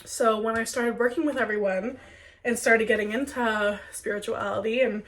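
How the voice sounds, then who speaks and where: A woman's voice: fairly high pitch, fairly even intonation, normal speed, a bit bright. Earnest young woman, a little far from the mic. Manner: earnest, heartfelt, chatty with many "like"s. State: sick with a cold. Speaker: spiritual content creator. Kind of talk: Q&A vlog, talking to viewers.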